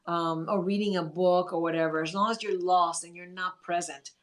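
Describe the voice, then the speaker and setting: A woman's voice: on the low side, fairly even intonation, normal speed. A woman hosting a casual livestream, chatting in an encouraging way and reading viewer comments aloud. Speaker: livestream host.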